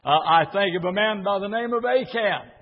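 An older man preaches fervently in a church, his high, husky voice carried by a long reverb. He leans on "uh" fillers and repeats phrases for emphasis, and the recording sounds muffled. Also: normal speed. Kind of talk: revival sermon.

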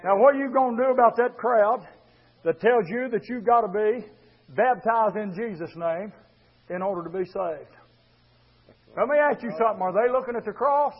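Preacher man, really high voice, fervent, muffled old recording. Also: normal speed, slightly rough. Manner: fervent, rhythmic preaching with calls to the congregation. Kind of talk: sermon. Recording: dull lo-fi sermon recording.

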